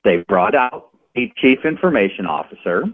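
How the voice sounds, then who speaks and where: A man, an independent journalist, calling in to a radio show and telling his story in an animated, indignant way. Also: lowish voice, moderate pace. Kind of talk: phone-in radio interview. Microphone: telephone. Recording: tinny phone line.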